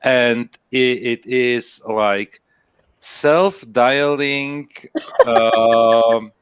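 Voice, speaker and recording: A man's voice: medium pitch, drawn-out words, smooth, no room sound, highs cut off. A man chatting on a stream, hesitant and searching for words, with many restarts. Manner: hesitant, lots of restarts and fillers. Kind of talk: casual chat.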